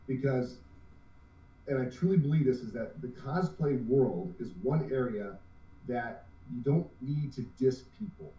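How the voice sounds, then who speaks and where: In a relaxed interview full of restarts, a cosplay group co-owner in his fifties talks in a rambling, earnest way. He has a dark, mid-range voice and an unhurried delivery, captured in a distant, roomy recording with dull lo-fi quality.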